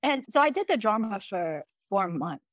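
A young adult woman musician, a guest in a casual interview, telling lively stories with casual swearing and acting out what others said. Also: medium pitch, moderate pace, dry recording. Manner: animated, acts out quoted dialogue, casual swearing.

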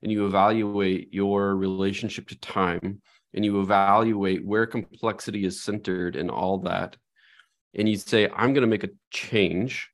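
A middle-aged man with a fairly low voice muses aloud in a relaxed podcast conversation. He works through his thoughts carefully, often tagging his points with a questioning "right?" as he goes. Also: unhurried. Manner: thoughtful, reflective, frequent "right?" tag questions. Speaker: podcast co-host. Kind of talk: casual conversational chat.

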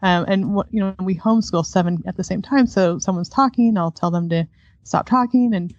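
A woman's voice: medium pitch, brisk, a little mellow, no room sound, muffled recording. A woman guest, an adoptive homeschooling mother, speaking candidly in a conversational interview and laughing often.

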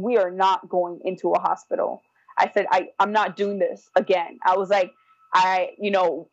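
A young adult woman telling a personal story in casual, animated talk, acting out the people she quotes. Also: mid-range voice, highs cut off. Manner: animated, acts out quoted voices, frequent "like". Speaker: guest telling her birth story.

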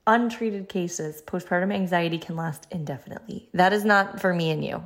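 A young woman hosts her solo podcast in a slightly lowered voice. She talks in a chatty, earnest way, full of casual fillers, and keeps encouraging her listeners. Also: a little fast, hardly any pauses. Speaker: podcast host.

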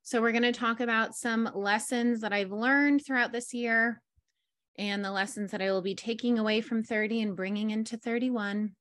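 A woman in her thirties, a podcast host and life coach, chatting upbeat and casually before slowing into a soft guided meditation at home. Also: a little high, steady tone, no room sound, clean studio sound. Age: 30s. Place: at home in a chair with her dogs.

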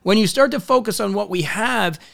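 A middle-aged man giving an energetic, enthusiastic motivational talk, telling stories and acting out the people in them. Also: high voice, moderate pace, creaky. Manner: energetic, enthusiastic, storytelling with acted quotes. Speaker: motivational speaker.

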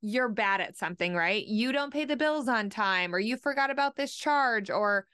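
A woman's voice: fairly high pitch, expressive, normal speed, a bit bright, clear, resonant tone, no echo, studio quality. A woman hosting a radio money show in a casual chat, upbeat and explaining with little example quotes. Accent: Upper Midwest American. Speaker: radio host and money coach.

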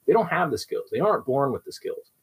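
A young man with a noticeably husky, rough-edged voice explains dog behavior in an instructional way. His pitch moves a lot as he talks, and he leans on everyday examples to make his points. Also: big pitch swings, quick pace, darkish tone, poor audio. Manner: explains with everyday examples, often asks "right?". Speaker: dog trainer. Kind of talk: instructional talk.

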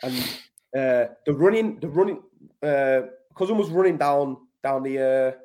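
Unhurried and mellow, this mid-range male voice belongs to a Mancunian podcast guest. He tells a story casually in blunt, sweary language and keeps addressing the host as mate.

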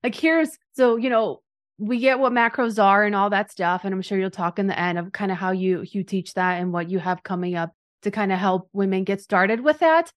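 A woman hosting a podcast interview, a fitness coach who tells client stories in a lively, chatty way. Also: medium pitch, normal speed, no room sound, studio quality. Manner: animated, chatty, acts out clients' quotes.

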